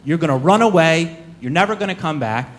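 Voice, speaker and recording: A gruff bridge warrior speaks bluntly and grumbles, as a man puts him on. His voice stays close to the teller's own, slightly raised. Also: on the high side, animated, a little fast, close to an everyday voice. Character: grumbling middle-aged male bridge warrior.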